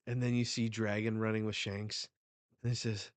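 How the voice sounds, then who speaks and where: A young man reading a manga chapter aloud in a live reaction, excitable and swearing as he goes. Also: lowish voice, moderate pace, dry recording.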